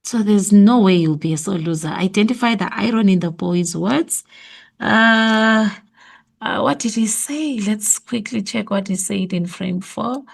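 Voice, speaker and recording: A woman's voice: medium pitch, measured pace, gravelly. A woman with a South African accent going over an exam memo, thinking aloud and repeating her answers. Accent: South African English. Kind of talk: exam revision lesson.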